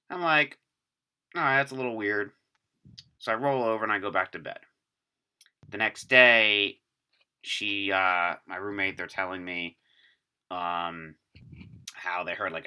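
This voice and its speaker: A man casually telling a rambling, profane story to friends in a group chat. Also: low-pitched. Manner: rambling, profane, animated retelling.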